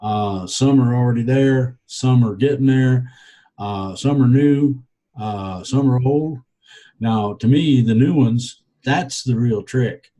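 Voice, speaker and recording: Man, husky and dark-toned, hesitant, full of fillers, dry wry humor. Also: medium pitch, slow pace, rough recording. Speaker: guest. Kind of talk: casual podcast chat.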